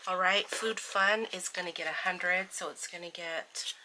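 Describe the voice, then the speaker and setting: A woman vlogging her budget in a casual way, counting bills aloud in a steady murmur and laughing at her own mistakes. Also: fairly low pitch, normal speed, noisy background. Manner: chatty, self-deprecating, laughs at her own slips. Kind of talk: casual counting-out-loud vlog.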